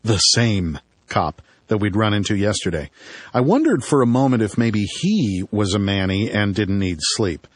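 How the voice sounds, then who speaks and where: Low-voiced man narrating an audiobook, wry. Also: lively intonation, normal speed, no room sound. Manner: dry, wry storytelling. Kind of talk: first-person audiobook narration.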